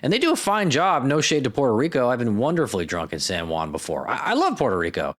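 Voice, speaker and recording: A man's voice: medium pitch, fast. A man hosting a scripted comedy podcast, narrating with sarcastic, self-mocking asides and dropping into silly voices. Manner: lively, jokey delivery with silly voices. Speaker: podcast host.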